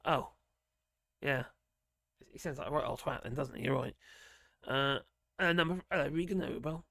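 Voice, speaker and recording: A man's voice: medium pitch, normal speed, creaky, a bit bright, no echo, clean studio sound. A man hosting a casual live stream, chatting in a rambling way and reading out chat messages while losing his voice.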